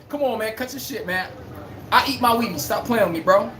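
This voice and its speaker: Brash high-voiced man streaming sports talk. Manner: brash, trash-talking, swearing, playful. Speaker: live stream host reading chat. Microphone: phone. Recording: echoey room with faint hum.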